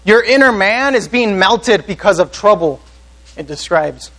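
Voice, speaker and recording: A man's voice: sits high, animated, unhurried, sharp tone, poor audio. A man preaching a sermon as pastor, earnest, often putting questions to the congregation.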